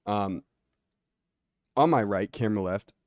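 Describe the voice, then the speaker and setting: A male podcast host from the East Coast, chatting casually and throwing in quick, jokey interjections. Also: lowish voice, a little mellow, dry recording, clean studio sound. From East Coast, USA.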